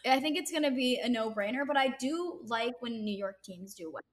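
A woman co-hosting a casual sports podcast who talks in quick, giggly interjections. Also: on the high side, expressive. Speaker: podcast co-host. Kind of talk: casual chat.

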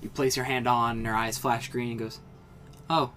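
A man's voice: medium pitch, fairly quick, soft background music. Laid-back male game master narrating. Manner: relaxed, descriptive, self-correcting.

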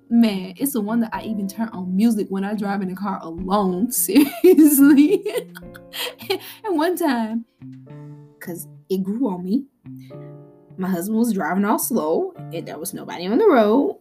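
A woman hosting a podcast, talking casually to her listeners, animated and laughing often between exclamations. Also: mid-range voice, measured pace, pauses often, faint music behind. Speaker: podcast host.

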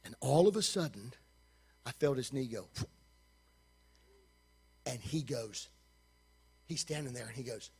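A man preaching a sermon in a church, telling a healing story with animated, often shouted delivery. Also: medium pitch, creaky, breathy edge. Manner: quick, hushed reading of scripture.

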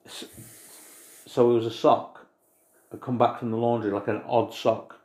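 A man's voice: medium pitch, normal speed. Sweary veteran man telling barracks stories. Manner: swears freely, animated storyteller. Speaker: podcast co-host. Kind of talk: casual chat. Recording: roomy echo.

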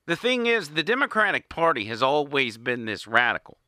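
A man's voice: fairly high pitch, very animated, brisk, sharp tone, dry recording. A man giving an indignant, sarcastic political monologue as host, recorded in a small studio. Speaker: political commentator. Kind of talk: opinionated monologue.

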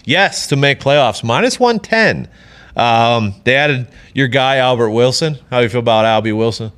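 A man's voice: medium pitch, animated, a bit bright, clear, resonant tone. A man hosting a sports betting podcast, joking and swearing as he runs through the picks. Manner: joking, profane, runs through bets briskly. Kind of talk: casual chat.

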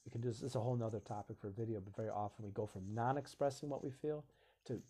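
Husky, mellow-voiced man talking earnestly. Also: fairly low pitch, racing. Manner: earnest, reflective, acts out little dialogues. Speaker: host of a live video stream. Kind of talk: casual live-stream talk.

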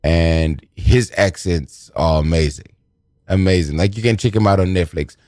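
South african comic, lowish voice, chatty, laughs a lot, dry close sound. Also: male voice, normal speed, darkish tone, dry recording. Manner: chatty, laughs often, repeats words. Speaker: comedian guest. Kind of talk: casual podcast chat.

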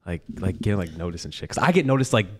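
A young man joins a podcast as a guest and trades quick banter full of slang. He talks fast, and his voice swings up and down with energy. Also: low-pitched, very animated, husky. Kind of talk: casual chat.

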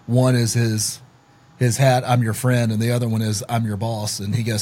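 A man hosting a podcast interview, relaxed and chatty, telling jokey anecdotes. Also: mid-range voice, normal speed, slight background noise. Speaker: podcast host. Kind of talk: casual interview chat.

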